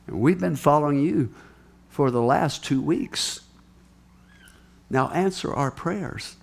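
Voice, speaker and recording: An older man preaching a sermon and telling a story, dropping to a hush and then rising to loud, emphatic lines. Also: fairly high pitch, lively intonation, takes it slowly, vocal fry. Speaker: missionary speaker.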